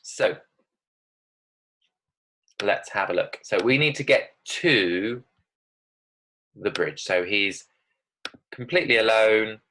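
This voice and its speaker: A man with a fairly low voice teaching a short writing lesson to pupils on video. He speaks with lively emphasis, punctuates his points with "okay?", and slows down to read example sentences for dramatic effect. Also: slightly rough, rough recording. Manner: dramatic reading of example text. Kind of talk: recorded online writing lesson.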